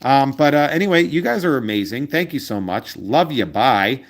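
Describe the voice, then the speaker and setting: A man's voice: mid-range voice, big pitch swings, moderate pace. A man in his forties hosting a card collecting channel, chatting casually to viewers in a rambling way, with many ums and uhs. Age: 40s.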